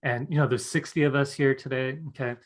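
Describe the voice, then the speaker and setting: A man's voice: medium pitch, little pitch movement, fairly quick. A man teaching a live-streamed class on psychic skills, chatty and earnest, often asking "right?" and laughing. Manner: chatty, fills with "you guys" and "right?".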